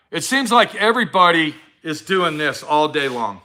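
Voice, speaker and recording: Middle-aged man, blunt and profane, preachy motivational vlogger; high, sharp tone. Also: moderate pace, hardly any pauses, smooth. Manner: blunt, heavy swearing, preachy. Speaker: vlogger giving a motivational talk. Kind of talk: profane casual motivational rant.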